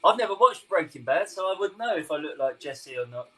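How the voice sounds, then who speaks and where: Young English chef with a London edge, slightly high voice, easy and chatty with viewers while cooking live, soft music underneath. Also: male voice, big pitch swings, a little fast, poor audio. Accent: English, London-tinged. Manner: chatty, laughs often, answers viewer comments.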